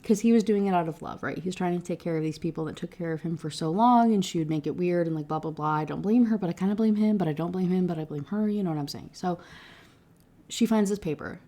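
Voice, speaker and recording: A woman rants her way through a book review in a loose, chatty flow, swearing freely and tossing in fillers as she goes. Her voice sits a little low, with a dark, mellow tone. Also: fast. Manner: blunt, profane, chatty with frequent fillers. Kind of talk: casual ranting book review.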